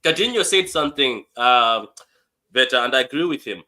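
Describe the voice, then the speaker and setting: A man hosting a casual football chat, excitable and teasing, quick to laugh. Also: medium pitch.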